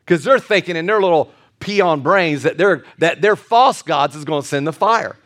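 A male pastor preaching a sermon, telling a Bible story with animated, acted-out quotes. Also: sits high, moderate pace, hardly any pauses.

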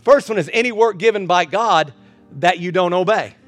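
A man preaching a sermon as pastor, building with repeated phrases and ending soft in prayer. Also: sits high, normal speed, faint music behind.

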